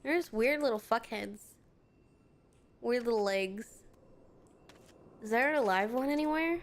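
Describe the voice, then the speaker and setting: A woman's voice: a little high, unhurried, slight background noise. A young adult woman streaming a game with casual, playful commentary, chatty and swearing freely.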